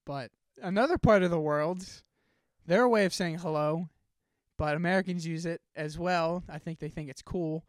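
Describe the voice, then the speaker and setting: A young man co-hosting a podcast in casual chat, playful and quick to laugh. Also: fairly high pitch, dry recording, studio quality. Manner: playful, laughs often, acts out quoted greetings. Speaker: podcast co-host.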